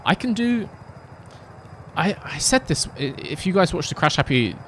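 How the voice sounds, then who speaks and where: A man's voice: sits high, sing-song, moderate pace, a bit bright, a little hiss or hum. A young man streaming a racing game from his home setup on a headset mic, chatting in a rambling, self-deprecating way with giggly asides. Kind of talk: casual gaming live-stream chat.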